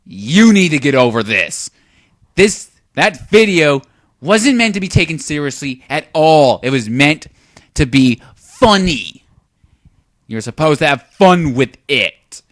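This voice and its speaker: A man's voice: fairly high pitch, fairly bright tone, no room sound, clean studio sound. A young man giving a lecturing, sarcastic commentary rant on a video. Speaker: YouTube commentator.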